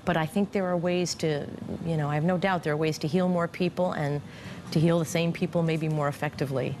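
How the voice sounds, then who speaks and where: Candid, halting woman, lowish voice. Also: fairly even intonation, background noise. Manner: halting and candid, with many restarts and fillers. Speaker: former cancer patient. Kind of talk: reflective interview.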